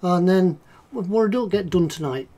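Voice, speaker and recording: Man, livestream host, rambling and jokey, warm dark voice. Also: high-pitched, normal speed. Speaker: livestream host, model maker. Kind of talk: casual livestream chat.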